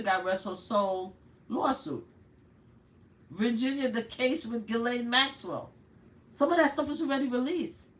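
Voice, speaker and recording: An older Brooklyn woman with a New York accent hosts a casual livestream, reading texts aloud and reacting loudly with swearing and laughter. Her voice sits in the mid range.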